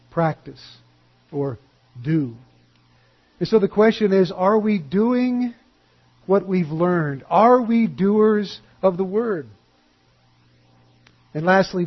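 A man with a high, husky voice preaches a sermon in an earnest pastoral manner. His stories come out animated, and he drops to a hushed tone when he closes. The recording sounds slightly dull.

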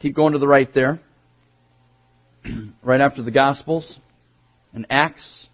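A male pastor preaching a sermon, moving from quiet asides to emphatic raised declarations. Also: medium pitch, takes it slowly, muffled recording.

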